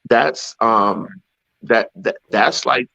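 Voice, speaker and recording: A man co-hosting a talk show, speaking haltingly with many restarts and repeated words. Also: lowish voice, gravelly, bright, forceful tone. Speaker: podcast co-host. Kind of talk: casual talk show discussion. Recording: dull lo-fi sound.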